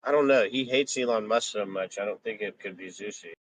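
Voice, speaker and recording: A man's voice: fairly low pitch, brisk, no room sound, rough recording. A man joking around and rambling in casual live stream banter, laughing often.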